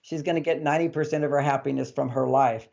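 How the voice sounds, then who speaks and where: A man giving relationship advice as an interview guest, a lively storyteller who acts out the dialogue he quotes. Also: mid-range voice, fast, gravelly, muffled recording.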